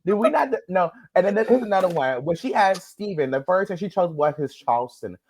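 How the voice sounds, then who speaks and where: Excitable man reacting to reality TV. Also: high voice. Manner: excitable, rapid repetitive exclamations. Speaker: podcast co-host. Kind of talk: casual reality-TV recap chat.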